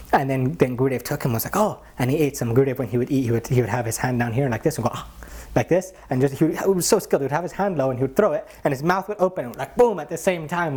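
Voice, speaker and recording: A man, a spiritual teacher, telling anecdotes in a casual, animated way, acting out the voices of the people in his stories and often saying "like.". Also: mid-range voice. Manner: animated, acts out quoted voices, frequent "like" fillers. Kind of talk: casual storytelling talk.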